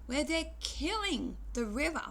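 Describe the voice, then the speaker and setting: Slow, high-voiced woman in her sixties. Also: very animated, creaky. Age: 60s. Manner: reflective, wandering speech with pauses and restarts. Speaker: vlogger. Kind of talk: reflective personal vlog.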